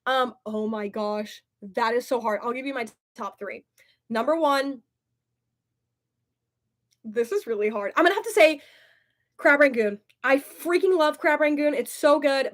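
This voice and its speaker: A young woman chatting casually as she answers viewer comments in her vlog, bubbly and giggly. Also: sits high. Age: young adult. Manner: bubbly, giggly, says "oh my gosh" often. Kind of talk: casual chat.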